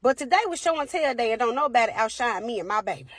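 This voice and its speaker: Woman, parent, comedic storyteller, animated and profane, high voice, dry close sound. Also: fast, dry recording.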